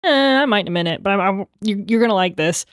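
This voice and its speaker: A young adult woman livestreamer in rambling, casual chat, quick to laugh. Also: medium pitch, no echo, studio quality.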